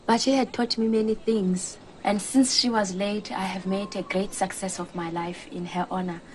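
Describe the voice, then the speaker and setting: An actress playing an earnest, polite woman with a Botswanan accent, quietly telling her troubles. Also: medium pitch, steady tone, moderate pace, a little hiss or hum, lightly acted. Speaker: client. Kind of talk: TV drama acting.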